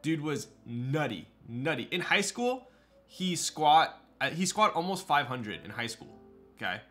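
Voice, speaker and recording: A man's voice: fairly high pitch, sing-song, measured pace, fairly bright tone, soft background music. A man chatting casually on a live stream, answering his viewers' questions as they come in. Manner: chatty, loose, reads and answers chat.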